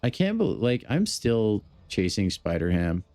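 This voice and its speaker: A man's voice: lowish voice, huge pitch swings, a little slow, a little mellow, no room sound. A man chatting casually on a gaming live stream, joking and talking straight to his chat. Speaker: game streamer.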